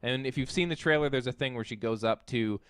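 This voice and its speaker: A man hosting a casual film review chat, animated and profane, acting out quotes from scenes. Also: medium pitch, fast, smooth, dry recording, clean studio sound. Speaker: podcast host, film reviewer.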